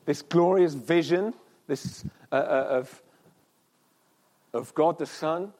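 A man's voice: fairly high pitch, a little mellow. Earnest man preaching a sermon. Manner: earnest, pausing, with restarts and slow emphatic repeats. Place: church service.

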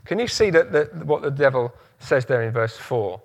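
A man's voice: medium pitch, lively intonation, normal speed. A man preaching a sermon, using emphatic repetition and rhetorical questions.

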